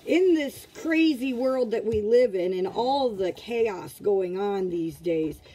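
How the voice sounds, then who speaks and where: A woman's voice: mid-range voice, expressive, takes it slowly, dark tone, husky, poor audio. A middle-aged woman at home giving a casual motivational talk to her followers, asking rhetorical questions over and over in a preachy way. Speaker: vlogger, motivational group leader.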